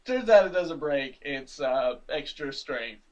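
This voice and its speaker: Man, podcast co-host, casual comic recap, slightly high voice, lively, a little off-mic. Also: takes it slowly, far from the mic, lo-fi sound, crowd noise. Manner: animated, laughs often, acts out characters' lines.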